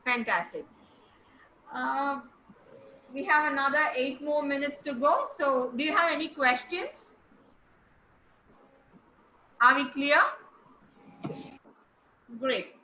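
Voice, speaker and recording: A woman's voice: high voice, slow, long pauses, sharp tone, a little hiss or hum. A woman teaching intonation to a class, encouraging and praising students as she goes. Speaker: speech trainer. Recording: roomy, dull-sounding recording.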